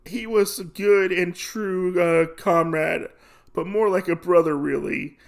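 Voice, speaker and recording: A man's voice: fairly high pitch, expressive, a little slow, a bit bright, voice pushed up. A man voicing a scheming male gambler who sniffles through fake grief and then gloats over his winnings. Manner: sniveling, then cackling and smug.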